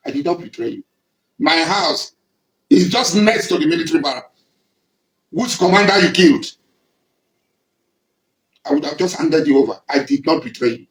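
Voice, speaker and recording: A man's voice: a little high, expressive, moderate pace, pauses often, echoey room, rough recording. A man with a Nigerian accent giving an angry, accusing public statement, confronting someone directly and repeating his points. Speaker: militant leader addressing rivals.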